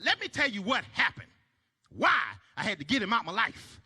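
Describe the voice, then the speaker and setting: A man performing a stand-up comedy set, shouting his punchlines and dropping to low mumbled asides. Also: very animated, moderate pace, breathy edge. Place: church stage before a live audience. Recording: long hall reverb.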